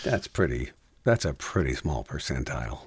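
A man co-hosting a podcast in casual chat, dropping quick wisecracks and short agreeing replies. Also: very deep voice, very animated, breathy edge, no echo, clean studio sound. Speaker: podcast co-host.

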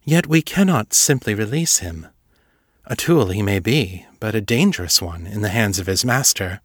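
A man voicing a formal, measured woman ruler in an audiobook reading. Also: on the low side, expressive, no room sound, clean studio sound.

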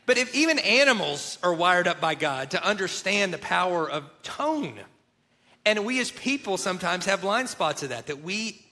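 A man's voice: high voice, big pitch swings, normal speed, pushed and bright. A man co-hosting a faith-based marriage talk, speaking earnestly and telling stories with acted-out quotes. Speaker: co-host of a marriage show.

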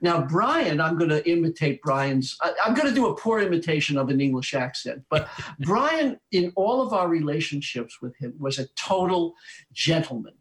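An older man, a musician interviewed, telling a long anecdote in an animated way with chuckles and restarts. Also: fairly high pitch, normal speed, low-quality recording. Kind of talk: anecdotal storytelling.

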